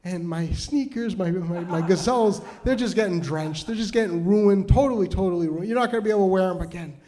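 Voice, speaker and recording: Storytelling comic, male, higher-pitched voice; rambling, full of restarts, drops to a hush and rises to shouts. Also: brisk. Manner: rambling, lots of stammered restarts and "like"; swings from hushed and tender to loud and shouting. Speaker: storytelling comedian. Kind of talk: stand-up storytelling. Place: stage before a live audience.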